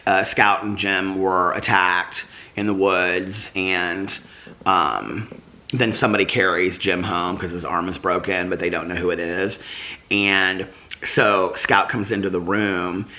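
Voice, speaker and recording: Guy rambling to his vlog camera, lots of ums and likes, bright and lowish. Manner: rambling, digressive, many fillers and restarts. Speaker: vlogger. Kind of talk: casual chat to camera.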